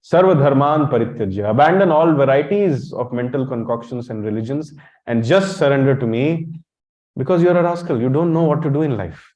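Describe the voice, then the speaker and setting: A man's voice: medium pitch, brisk, a little mellow. Blunt teasing male temple lecturer. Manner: blunt, teasing, quizzes the audience. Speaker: monk lecturer. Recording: dull lo-fi recording.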